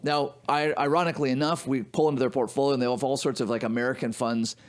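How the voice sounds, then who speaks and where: Fast-talking man explaining finance. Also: mid-range voice, fairly even intonation. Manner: fast, emphatic explaining with rhetorical "right?". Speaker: podcast co-host, financial advisor. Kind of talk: casual business podcast chat.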